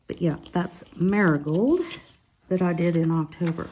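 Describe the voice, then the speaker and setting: A woman's voice: on the low side, a little slow, dark tone, a little hiss or hum. A woman, casually showing and describing her finished coloring pages to viewers, listing her supplies as she goes. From Alabama. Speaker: coloring vlogger. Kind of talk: casual show-and-tell narration.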